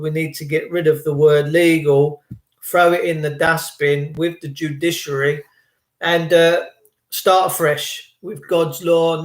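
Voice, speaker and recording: A middle-aged man from England with a South London accent hosts an online talk, ranting earnestly and preachily to his viewers in a casual monologue and often repeating himself. His voice is fairly high, in an echoey room.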